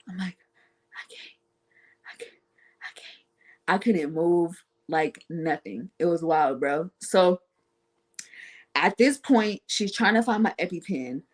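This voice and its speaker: A woman guest on a talk show, telling a personal story casually and acting out the voices of the people in it. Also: lowish voice. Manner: animated, acts out quoted voices.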